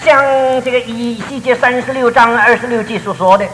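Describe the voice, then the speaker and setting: A man preaching a sermon in short storytelling phrases, pausing for an interpreter. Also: very high voice, sharp tone. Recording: roomy hall reverb with faint noise.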